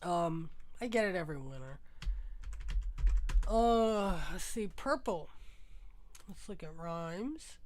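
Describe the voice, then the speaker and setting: Slow, unhurried woman streaming from home. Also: on the low side, lively intonation, a little mellow. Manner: unhurried, musing aloud while browsing. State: congested, tired from a sinus infection. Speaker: musician livestream host. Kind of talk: casual livestream chat.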